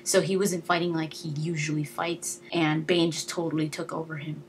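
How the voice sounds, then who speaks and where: A woman's voice: low voice, flat delivery, moderate pace, slight background noise. A young woman giving a casual, chatty movie review, enthusiastic and full of fillers and restarts. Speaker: video blogger.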